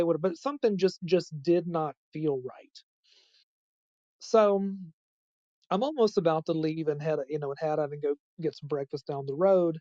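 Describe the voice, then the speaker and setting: A man's voice: fairly high pitch, normal speed, a little mellow, no echo. A man guesting on a podcast, telling a personal story in a casual, rambling way full of fillers and restarts. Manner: rambling, filler-heavy, many restarts and "I'm like" quotes. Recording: dull lo-fi dry sound.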